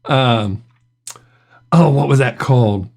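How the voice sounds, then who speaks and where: A man's voice: medium pitch, slow, gravelly, darkish tone. A middle-aged man hosting a reaction video, telling stories in a chatty way and laughing often. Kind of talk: casual reaction commentary.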